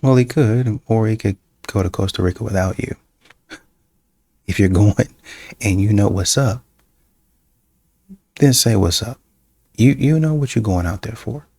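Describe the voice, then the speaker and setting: A man's voice: on the low side, a little slow, pauses often, darkish tone, husky, no room sound, clean studio sound. A man hosting a reaction show, giving blunt casual commentary on clips and repeating his points.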